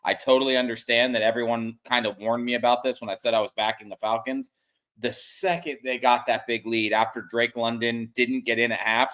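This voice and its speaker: A man co-hosting a sports stream, ranting in frustration and trailing off quietly at the ends of thoughts. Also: mid-range voice. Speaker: co-host of a sports betting stream. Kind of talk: casual profane sports chat.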